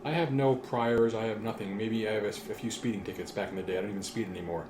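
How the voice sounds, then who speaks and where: Fast-talking low-voiced man, blunt. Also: fairly even intonation. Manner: blunt and rapid, swears freely. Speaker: podcast co-host. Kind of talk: casual chat. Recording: echoey room with clear background noise.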